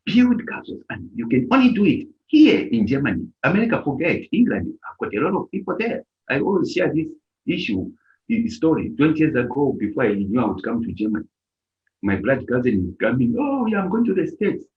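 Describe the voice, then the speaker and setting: Animated man with a lively, swooping voice. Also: medium pitch, brisk. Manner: animated, emphatic storytelling with repetitions. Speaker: live stream speaker advising volunteers. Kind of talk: informal motivational talk. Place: lives in Germany. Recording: dull lo-fi live stream audio.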